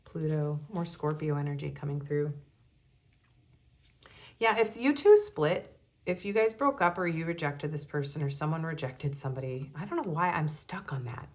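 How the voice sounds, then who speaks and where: A woman's voice: low voice, lively intonation, normal speed. A woman giving a casual tarot reading, chatty and giggly, with many ums and likes. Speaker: tarot reader.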